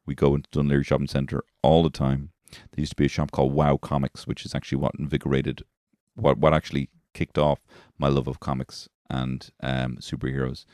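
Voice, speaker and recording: Dublin comedian, 30s, man, extremely deep voice, dry close recording, rambling self-mocking podcast chat with casual swearing. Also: flat delivery, a little fast, a little mellow, dry recording. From Dublin, Ireland. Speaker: comedian host.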